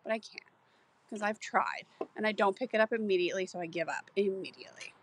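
A woman co-hosting a casual podcast chat, giggly, excitable and self-mocking. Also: mid-range voice, quick pace. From Canada. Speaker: podcast co-host.

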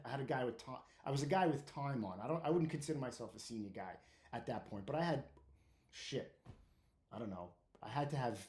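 A man's voice: medium pitch, a little mellow. A middle-aged man, a former firefighter, giving blunt, profane tough-love advice in a casual monologue, often restarting and trailing off as he recalls things. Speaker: podcast host, former firefighter. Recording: echoey room.

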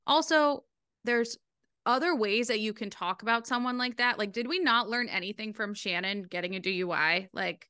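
A woman's voice: a little high, moderate pace, sharp tone, smooth, no room sound, studio quality. A young adult woman co-hosting a podcast, chatting casually and giving strong opinions. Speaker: podcast co-host. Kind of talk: casual chat.

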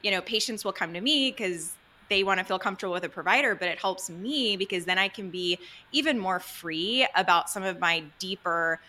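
A woman psychiatrist answering interview questions earnestly and excitedly, with many "you know"s and restarts. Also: mid-range voice, a little fast. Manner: excited, earnest, talks freely with many fillers. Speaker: psychiatrist guest.

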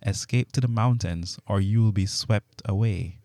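Stern angels give urgent commands, as a man reads them aloud. Low and dark in tone, close and dry. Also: normal speed, no room sound, lightly acted.

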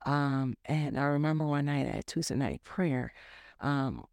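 A woman's voice: very deep voice, unhurried, darkish tone, dry recording, clean studio sound. A woman sharing a personal testimony as a church member, talking candidly and conversationally with frequent fillers. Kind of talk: personal testimony, casual storytelling.

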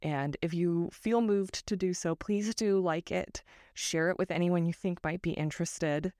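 A podcast host from Northern California reflects alone into a close microphone, slipping into self-deprecating tangents. Her fairly low, slightly mellow voice moves a little slowly, and the recording is dry.

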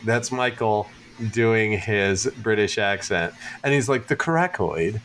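A man co-hosting a podcast, telling stories in a casual, animated way, swearing and laughing often. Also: lowish voice, slow, a little hiss or hum. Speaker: podcast host. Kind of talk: casual chat.

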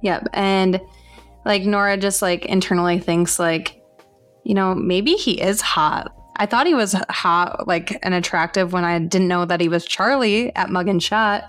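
A woman co-hosting a book podcast, recapping the plot in a relaxed way full of "like" and "you know". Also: on the low side, unhurried, soft background music. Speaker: podcast co-host. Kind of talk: casual book review chat.

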